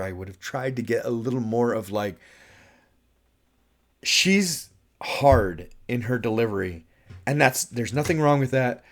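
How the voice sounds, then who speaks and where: A man reviewing a film in a casual, musing monologue, thinking aloud with restarts and laughs and briefly acting out quoted lines. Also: mid-range voice.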